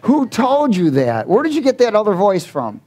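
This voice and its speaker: A man's voice: sits high, wildly swooping pitch, normal speed, a little mellow, slightly rough, voice pushed up, heavily acted. A male preacher voicing God as stern and insistent, pressing hard with questions in a sermon. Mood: demanding.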